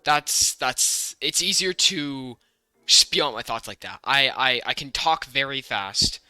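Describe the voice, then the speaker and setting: Young American man, podcast co-host; very bright, dry-miked, rambling and restarting. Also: medium pitch, animated, clean tone, dry recording. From United States. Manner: rambling, many restarts, fast bursts. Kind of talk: casual chat.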